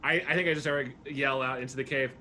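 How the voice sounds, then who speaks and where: A man playing a tabletop game, talking casually and explaining his moves with quick restarts. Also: mid-range voice, a little hiss or hum. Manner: lively, stumbling restarts. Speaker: player.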